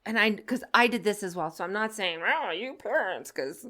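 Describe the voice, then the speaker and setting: A woman's voice: mid-range voice, fairly quick. A woman who is a former kindergarten teacher, talking in a casual podcast conversation and acting out the voices of children and parents in her stories. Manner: animated storyteller who acts out quoted children and parents.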